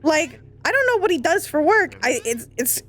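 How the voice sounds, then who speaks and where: A woman's voice: high voice, big pitch swings, normal speed, fairly bright tone. A woman streamer in casual game-stream chat, talking in a dramatic, playfully panicked way.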